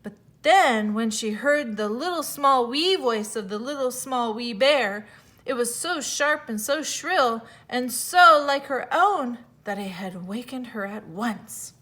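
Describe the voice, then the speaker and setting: A woman teacher reading a fairy tale aloud to children, expressive, with small slips and self-corrections. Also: a little high, takes it slowly.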